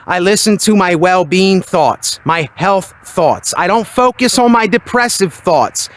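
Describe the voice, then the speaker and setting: Night, outside his building: a vlogger speaks close into a handheld microphone, his high-pitched voice loud and emphatic in a motivational monologue. He sounds lively in intonation and takes his time.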